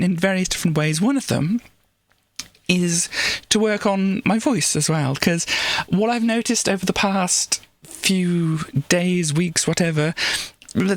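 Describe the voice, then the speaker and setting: A woman with a voice on the low side chats casually on a livestream. She rambles, often restarts and laughs, and now and then slips into playful put-on voices.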